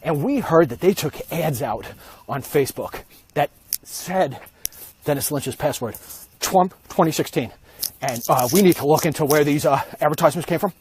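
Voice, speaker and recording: A man's voice: fairly high pitch, a little mellow, a little hiss or hum, close to an everyday voice. A man impersonating a hesitant male investigator who stumbles through fillers. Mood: earnest. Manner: halting, full of fillers.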